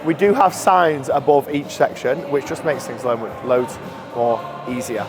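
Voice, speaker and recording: A man's voice: medium pitch, a little slow, music in the background. A man casually walking viewers through gym machines, chatty and self-deprecating. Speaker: gym staff giving a tour. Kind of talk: casual walkthrough explanation. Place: large indoor gym. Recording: noisy gym background.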